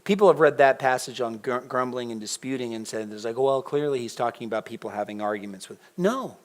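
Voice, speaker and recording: A middle-aged man preaching a sermon in a church, conversational and animated, putting questions to the congregation. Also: medium pitch, fairly quick. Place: church sanctuary.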